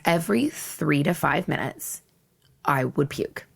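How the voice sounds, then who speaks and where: A young woman hosts her own podcast with a low voice that often drops into a gravelly fry. She tells a personal story bluntly and theatrically, with plenty of laughter. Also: expressive, unhurried. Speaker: podcast host. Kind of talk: candid storytelling monologue.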